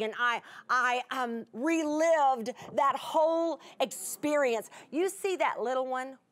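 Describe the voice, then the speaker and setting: A woman's voice: high-pitched, a bit bright. A middle-aged woman, telling an emotional personal story in a folksy, chatty way that turns tearful at times. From United States. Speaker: Bible teacher guest.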